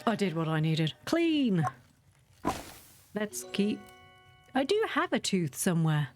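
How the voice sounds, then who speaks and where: A young woman chats sarcastically while she plays a game, giggling often between her rambling asides. Her voice sits at a middle pitch, and faint game music plays underneath. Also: big pitch swings, takes it slowly. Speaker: game streamer. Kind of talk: casual chat while gaming.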